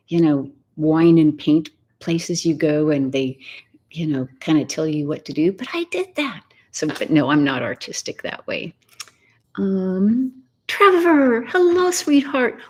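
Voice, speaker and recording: An older woman hosting a soft-spoken ASMR live chat from her home, greeting viewers and often slipping into a whisper. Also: on the low side, a little hiss or hum. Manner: soft and unhurried, slipping into whispers while reading viewer comments. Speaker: ASMR host. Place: home, Texas.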